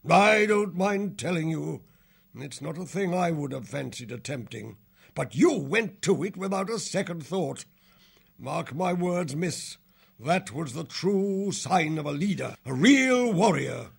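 A man voicing a big, stately male badger lord who speaks kindly and gravely in an audiobook. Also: fairly high pitch, animated, pitched above the performer's own voice, full character voice. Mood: admiring. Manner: measured, gentle praise. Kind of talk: audiobook character voice.

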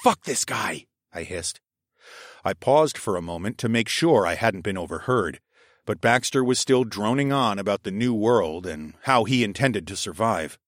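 A man narrating a first-person story in a wry tone, dropping to a hush on the narration tags. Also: on the low side, lively intonation, moderate pace, no echo, studio quality. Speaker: audiobook narrator.

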